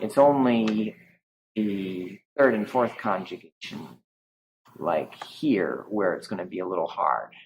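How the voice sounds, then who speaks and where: A man's voice: on the low side, poor audio. A man teaching a Latin grammar lesson over slides, speaking informally and stretching out the sounds of words when he models them. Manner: informal and explanatory, with restarts.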